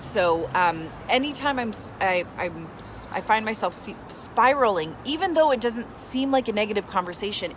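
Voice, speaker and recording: A woman's voice: mid-range voice, fairly bright tone, slight background noise. A woman in her thirties, a self-help coach talking casually to camera, chatty and enthusiastic with lots of fillers. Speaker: tapping coach.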